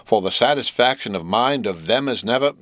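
A man voicing a good-natured rustic blacksmith who speaks in a halting, would-be formal country way, in an audiobook reading. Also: medium pitch, expressive, fairly bright tone, dry recording, close to an everyday voice. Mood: earnest.

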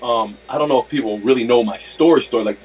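A man's voice: medium pitch, fast talker, darkish tone, a little hiss or hum, rough recording. A man in his thirties, a basketball coach, telling his story in a casual interview, earnest and full of faith, with many fillers. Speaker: NBA player development coach, guest.

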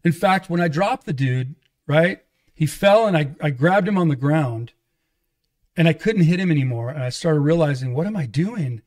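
A man's voice: a little high, normal speed, darkish tone. A man, a pastor guest on a podcast, telling a candid personal testimony in rambling casual talk and acting out the dialogue. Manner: rambling storytelling with restarts, acting out quoted dialogue.

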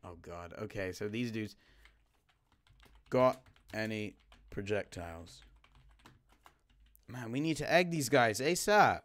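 A man giving live gameplay commentary, chatting to his teammate and swinging from quiet mutters to sudden startled yelps. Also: lowish voice, lively intonation, measured pace, pauses often. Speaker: gaming YouTuber.

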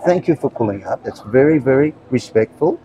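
A man's voice: mid-range voice, expressive, a little fast, highs cut off, background noise. An Australian man in his seventies preaching to young people on a street, earnest and chatty, checking in often with "right?" and "okay?". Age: 70s. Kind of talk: street evangelism to passers-by. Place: outdoors on a street.

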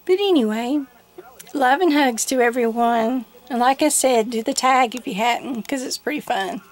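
A woman's voice: a little high, normal speed. A woman with a Southern US accent chatting casually through an accent tag video, giggling often. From Southern United States. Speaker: vlogger.

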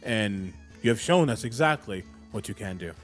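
A man's voice: fairly low pitch, expressive, normal speed, faint music behind, pitched below the performer's own voice, lightly acted. A man voicing a gracious male festival official who speaks in formal, ceremonial phrases.

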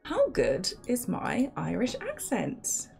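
A woman's voice: fairly high pitch, huge pitch swings, takes it slowly, gravelly, a little mellow. A woman streamer chatting in a teasing way as she comments on her life-sim game.

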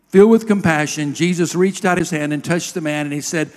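A middle-aged man preaching a sermon, telling personal stories earnestly and sinking to a hushed voice at tender moments. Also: fairly high pitch, a little fast, few pauses. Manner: earnest storytelling, drops to a hush at emotional moments. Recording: long hall reverb.

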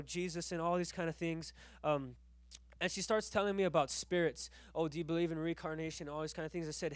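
A man's voice: high voice, no echo. A man preaching in a church class, telling a testimony and building to fervent exhortation with repeated phrases. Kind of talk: sermon with testimony.

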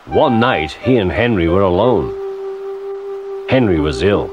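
A man reading a children's railway story aloud as an expressive, animated narrator. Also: low-pitched, a little slow, noisy background. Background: background music.

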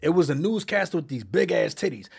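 A young man hosting a live-stream reaction, loud and excitable, often calling out to his chat. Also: a little high, fast talker, creaky, very noisy.

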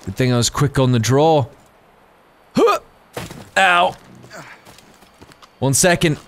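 Excitable gamer man. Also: medium pitch, slow, a little hiss or hum. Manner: excitable, rambling, laughs often. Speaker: gaming YouTuber. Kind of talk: casual let's-play commentary.

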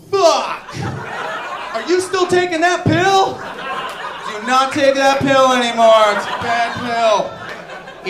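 A man's voice: very high voice, pitched above the performer's own voice, full character voice. A man playing a panicky cocky scientist. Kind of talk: stand-up act-out. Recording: echoey club with audience noise.

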